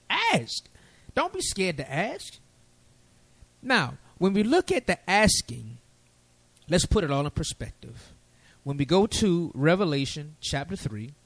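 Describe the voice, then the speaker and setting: A man preaching a sermon, lively and folksy with casual asides. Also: fairly high pitch, no echo.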